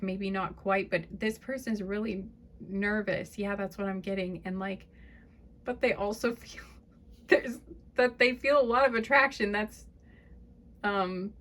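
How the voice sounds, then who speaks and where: A woman doing a pick-a-card tarot reading in a soft, chatty and apologetic way. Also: mid-range voice. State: fits of laughter. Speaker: tarot reader.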